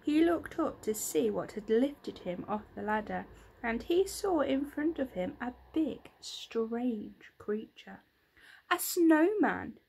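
Woman teacher, storybook read-aloud, gentle and expressive, unhurried. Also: on the high side, vocal fry, breathy edge.

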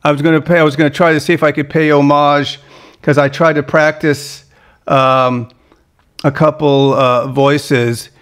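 A man hosting a podcast interview, chatty and halting, with many fillers and restarts. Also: fairly high pitch, level tone, a bit bright. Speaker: podcast host. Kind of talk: casual interview chat.

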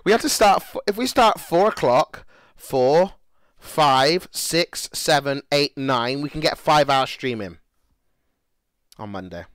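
A young man livestreaming, excitable and swearing as he talks to his chat. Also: a little high, slow pace, no room sound, clean studio sound. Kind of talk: casual livestream chat to viewers.

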